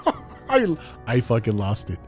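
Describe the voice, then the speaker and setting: A man hosting a casual podcast, recounting stories with lively, laughing energy. He often repeats his first words before getting going. Faint music plays underneath. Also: medium pitch, a little fast. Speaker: podcast host and former scare actor. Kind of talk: casual storytelling chat.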